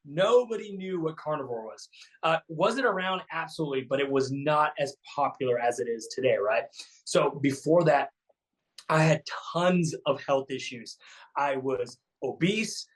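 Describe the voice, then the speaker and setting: A keto fitness coach in his thirties tells his story as a podcast guest, casual and chatty, full of fillers and repetition. His voice is on the high side at a normal speed, and the recording is rough.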